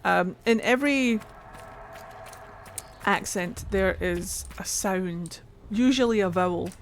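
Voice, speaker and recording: A man's voice: high-pitched, slow, fairly bright tone. A man with a Scottish accent giving casual, rambling let's-play commentary, mocking himself and thinking aloud. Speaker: streamer playing a game.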